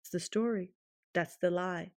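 Solo podcast host, female, lowish voice, earnest and emphatic, a little shaky with feeling, close dry mic. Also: fairly even intonation, moderate pace, a little mellow, no room sound. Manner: earnest, emphatic, self-affirming; voice shaking with emotion. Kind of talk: reflective solo podcast monologue.

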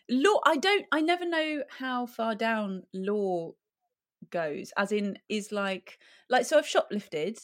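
Giggly English woman, unhurried. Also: a little high, animated. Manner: giggly, chatty. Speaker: podcast guest. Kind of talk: casual chat.

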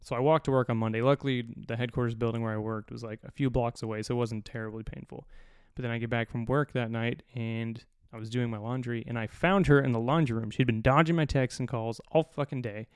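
A man hosting a podcast, telling a long personal story in a profane, animated, self-mocking way. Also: medium pitch, fast, few pauses, clean tone, dry recording, clean studio sound. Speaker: podcast host. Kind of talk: casual storytelling.

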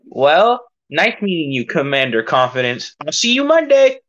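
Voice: medium pitch, very animated, moderate pace, a bit bright, voice pushed down. A woman voicing a showy male hero applicant with a breezy, reassuring manner. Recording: dull lo-fi audio.

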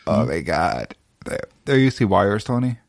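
A man's voice: low voice, sing-song, moderate pace, creaky, no room sound, studio quality. A man hosting a casual podcast, joking around and speaking to the listeners. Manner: jokey, addresses listeners. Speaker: podcast host. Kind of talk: casual chat.

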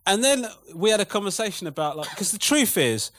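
A man telling a story in casual chat, animated and profane, laughing as he goes. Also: sits high, brisk. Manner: animated, swearing, laughing through stories.

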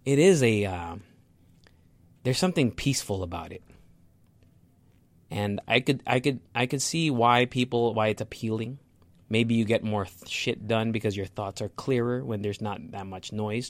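A man's voice: fairly low pitch, unhurried, dry recording. A man rambling casually and jokingly through an article, correcting himself often and swearing freely. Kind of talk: casual solo chat reacting to an article.

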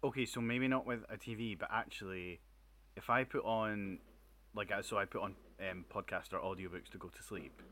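A man's voice: lowish voice, fairly even intonation, moderate pace, fairly bright tone. A man co-hosting a podcast, joking and cutting in playfully with short remarks. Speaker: podcast co-host. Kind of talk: casual chat. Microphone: headphones on.

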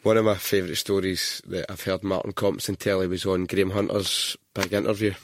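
Scottish host, laid back, lowish voice, dry close sound. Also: male voice, little pitch movement, brisk, no room sound. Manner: easygoing, swears casually, short reactions. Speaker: podcast host. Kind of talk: casual chat.

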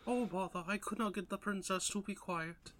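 Gentle, honey-loving bear, soft and raised in pitch, a man putting him on. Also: normal speed. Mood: mild dismay. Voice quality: soft, hushed.

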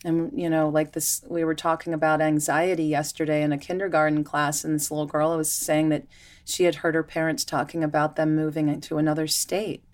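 A woman with a slightly low voice talks easily in casual conversation. She is a children's yoga teacher, and her stories come out animated and chatty. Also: a little fast.

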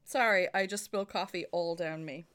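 A woman's voice: lowish voice, fairly quick, a bit bright. A woman co-hosting a casual podcast chat, giggly and self-deprecating as she runs the segment. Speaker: podcast co-host.

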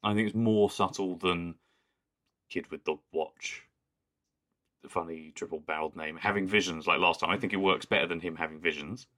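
A man with a very low, deep voice chatting casually as a podcast co-host. He rambles along, amused, and laughs easily. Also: fairly even intonation, moderate pace, sharp tone. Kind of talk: casual chat.

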